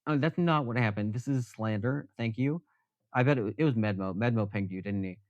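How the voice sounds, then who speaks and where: A man's voice: medium pitch, brisk, no room sound, dull audio. A man casually chatting with viewers on a live stream, rambling and self-deprecating.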